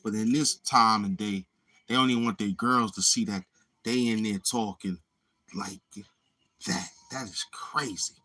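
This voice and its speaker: Rambling along on his casual livestream, a male host fills the gaps with murmured mm-hmms. He speaks unhurriedly in a low, steady, sharp-toned voice.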